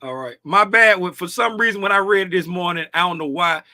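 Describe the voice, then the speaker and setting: A man's voice: sits high, brisk, bright, forceful tone. Chatty man hosting a livestream. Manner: chatty, repetitive, drawling, sing-song asides. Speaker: livestream host. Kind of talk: casual livestream chat.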